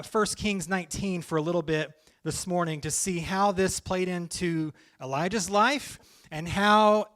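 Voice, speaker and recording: A man preaching a sermon the way he would tell a story to friends, casual and full of jokes. His voice is fairly high and bright, and it carries with some force. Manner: conversational, jokey storytelling. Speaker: pastor.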